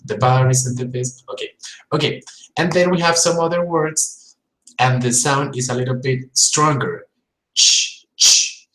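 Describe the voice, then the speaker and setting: A man's voice: medium pitch, moderate pace, a bit bright. Man teaching, echoey room. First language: Spanish. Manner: demonstrative, repeats sounds and words, checks in with viewers. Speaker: English teacher. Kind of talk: live-streamed pronunciation lesson.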